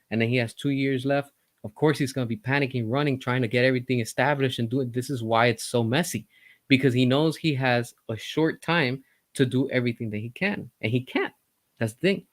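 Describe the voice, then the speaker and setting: Opinionated man giving animated commentary. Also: mid-range voice, no echo. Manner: animated, opinionated, speaks directly to the viewer. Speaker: entertainment news commentator.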